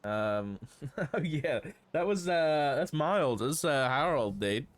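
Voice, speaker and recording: A man's voice: a little high, expressive, takes it slowly. A young man streaming a roleplay game, chatting casually, thinking aloud, swearing now and then and laughing. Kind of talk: casual gameplay chat.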